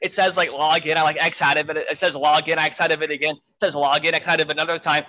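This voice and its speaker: A man's voice: a little high, level tone, fast talker, bright, forceful tone, rough recording. A man telling a frantic story in a casual way, full of fillers and swearing. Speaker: guest storyteller.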